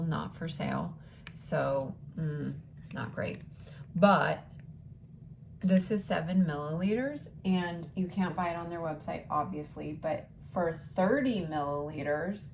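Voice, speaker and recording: A woman's voice: fairly low pitch, gravelly, a little mellow, slight background noise. A woman vlogger chatting casually as she unboxes beauty samples, thinking aloud and now and then dropping into a whisper.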